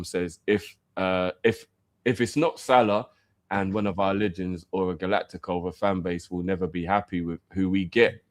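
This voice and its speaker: A man hosts a live fan show. He chats, teases the others and reads out viewer messages with lively energy. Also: low-pitched, no room sound. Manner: animated, laughing, quick to tease. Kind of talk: casual live-stream banter and reading viewer messages.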